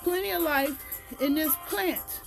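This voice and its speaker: Speaking at a measured pace in a high voice with some vocal fry, this gardening vlogger talks to her viewers as "y'all" while moving through her house and grow room. She's occasionally winded, and faint music plays behind her. She holds the camera at first, then puts it down.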